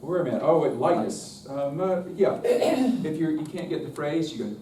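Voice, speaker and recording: A man's voice: a little high, animated, normal speed, mellow, a little hiss or hum. A man leading a live choral workshop, chatty and self-interrupting, breaking off now and then to sing short demonstrations. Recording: roomy distant live room recording.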